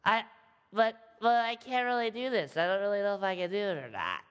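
A frightened young man stammers and pleads, his voice climbing high and strained, as a man acts him out. He keeps repeating himself and backing away from the task. The sound rings with a long hall echo. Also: expressive, fairly quick, a bit bright, clean tone. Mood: pleading. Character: timid, hesitant young man pleading with God. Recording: echoey hall.

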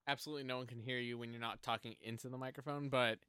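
A man's voice: medium pitch, fairly even intonation, racing, pushed and bright, smooth, no echo. A man hosting a casual podcast at home, rambling along with lots of fillers, speaking close into a stand mic. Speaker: podcast host. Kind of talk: casual chat. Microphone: close drum mic on a stand.

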